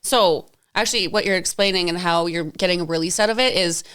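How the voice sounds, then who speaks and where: A woman's voice: lowish voice, fairly quick, fairly bright tone, smooth. A woman hosting a podcast in casual chat, speaking frankly and swearing freely. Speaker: podcast host.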